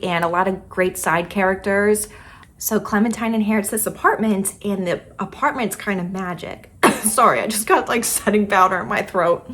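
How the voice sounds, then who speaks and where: A woman's voice: mid-range voice, fairly bright tone. A young woman chatting casually about books she loved, with lots of filler words. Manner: chatty, many "like" and "kinda" fillers. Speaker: book vlogger. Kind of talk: casual book review chat.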